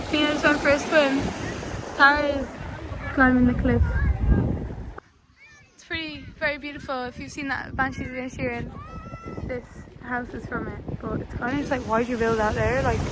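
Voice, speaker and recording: A young Irish woman with a high, bright-pitched voice chats excitedly into her phone while walking the coast. Wind and outdoor noise come through clearly behind her. She talks in quick exclamations and casual slang. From Ireland. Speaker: vlogger. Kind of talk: casual outdoor vlog chat. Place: outdoors on coastal cliffs and hills.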